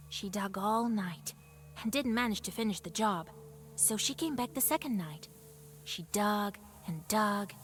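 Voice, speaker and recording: A woman's voice: medium pitch, slight background noise, natural voice. A woman playing a shrewd young village witch. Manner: knowing storyteller, calm and moralizing. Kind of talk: video game voice acting.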